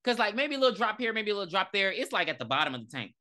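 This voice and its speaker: A woman co-hosting a casual movie review podcast, retelling scenes with animated energy and frequent swearing. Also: medium pitch, racing. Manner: animated retelling, acts out characters, profane. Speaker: podcast co-host.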